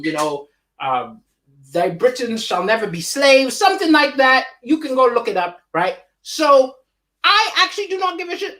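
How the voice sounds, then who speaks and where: A man doing a livestreamed stand-up comedy monologue from home. He talks in an animated way, with big swings in pitch and chuckles between jokes.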